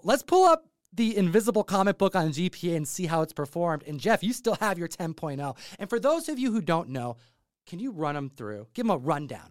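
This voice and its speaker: A man's voice: fairly high pitch, no room sound, studio quality. A man hosting a comic book podcast in casual chat, telling stories and acting out what others said. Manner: animated storytelling, acts out quotes. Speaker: podcast host.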